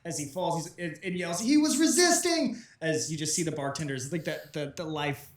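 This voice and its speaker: Man, game master, slightly high voice, loose laughing narration, echoey room, table chatter. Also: fairly even intonation, a little fast.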